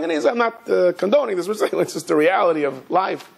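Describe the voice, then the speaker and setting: A man delivers a sermon as a string of stories. His voice sits a touch high with a husky grain. He acts out the people in his tales and breaks into shouts when the scenes turn heated. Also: quick pace. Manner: animated storyteller acting out voices, shouting in quotes. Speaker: rabbi giving a talk. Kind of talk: storytelling sermon.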